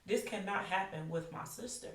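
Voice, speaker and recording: A woman's voice: medium pitch, normal speed, a bit bright. A woman in her thirties, a podcast guest, telling her caregiving story frankly and emphatically, often restarting and repeating phrases. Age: 30s. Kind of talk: candid conversational storytelling. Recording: echoey room, distant mic.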